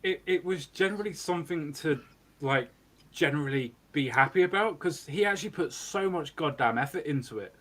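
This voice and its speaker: A man's voice: on the high side, expressive, a little fast, a bit bright. A man from England hosting a casual podcast, talking bluntly with frequent swearing. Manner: swearing, laughing, bluntly honest. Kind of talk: casual banter.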